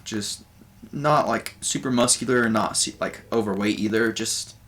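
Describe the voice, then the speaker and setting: A man narrating a tabletop game as game master, casual and describing things with many pauses and restarts. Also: on the low side, a bit bright.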